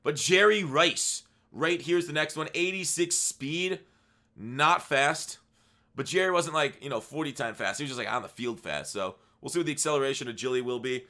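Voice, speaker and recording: A man's voice: a little high, normal speed, bright, forceful tone. A tired man giving casual, rambling commentary on a video game, with frequent restarts and asides. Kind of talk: casual commentary over gameplay.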